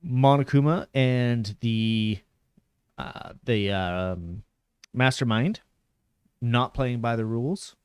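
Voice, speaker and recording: A man streaming a game talks casually into a headset mic, recapping gameplay, rambling, and laughing often. His mid-range voice has a clean tone, recorded with clean studio sound and no room sound.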